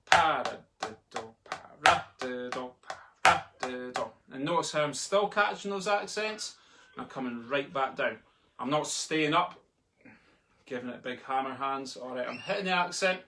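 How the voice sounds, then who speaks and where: A man teaching a live online drumming lesson from home, chatty and chanting the sticking aloud as he plays. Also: medium pitch. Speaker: drumming tutor. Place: home room. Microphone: laptop in front of him. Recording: noisy, with drumstick clicks behind.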